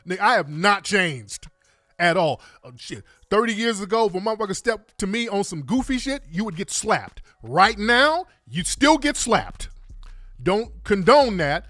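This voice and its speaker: A middle-aged man hosting a talk show, emphatic and profane, firing off rhetorical questions. His voice sits high and swings widely in pitch. The sound is dry and close, with faint music underneath. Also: big pitch swings, unhurried, fairly bright tone, no echo. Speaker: radio talk host. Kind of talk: opinionated talk monologue.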